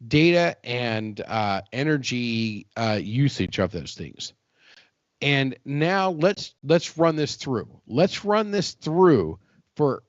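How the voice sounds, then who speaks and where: A man's voice: mid-range voice, a little mellow, no room sound. A man in casual podcast chat who rambles from point to point, jokes and swears freely. His voice is close and dry, with a dull, lo-fi sound. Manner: rambling, joking and profane. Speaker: podcast co-host.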